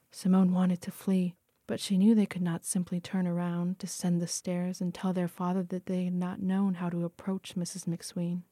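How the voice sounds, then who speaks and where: A woman narrating a story aloud in a quiet, hushed voice that often sinks to a whisper. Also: lowish voice, no echo. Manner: hushed, frequently dropping to a whisper. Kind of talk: audiobook reading.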